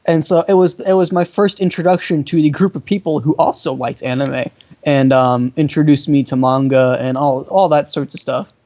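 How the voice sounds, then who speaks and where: A man's voice: a little high, moderate pace. Young man telling a profane story. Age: young adult. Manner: animated, laughing, profane storyteller. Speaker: podcast co-host. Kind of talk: casual storytelling chat. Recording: dull lo-fi audio.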